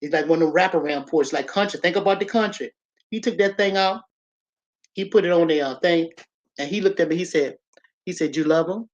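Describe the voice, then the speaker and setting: A woman in her fifties telling a personal story in a casual, animated way, talking straight to her listeners. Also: lowish voice, a little fast. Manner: animated, chatty, addresses listeners directly. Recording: slightly dull lo-fi audio.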